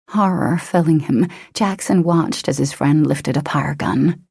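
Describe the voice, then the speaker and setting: Low, husky woman narrating an audiobook. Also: measured pace, few pauses, darkish tone, dry recording, clean studio sound. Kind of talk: scripted narration.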